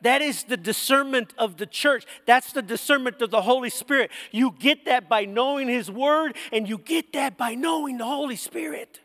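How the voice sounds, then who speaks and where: A man preaching a sermon as pastor, impassioned, with sudden loud peaks. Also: very high voice, normal speed, few pauses. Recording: long church hall reverb.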